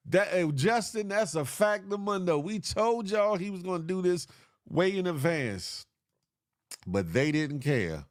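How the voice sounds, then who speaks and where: A man's voice: fairly high pitch, no room sound, studio quality. A man hosting a casual morning livestream show, giving a repetitive, motivational rant full of slang and laughter.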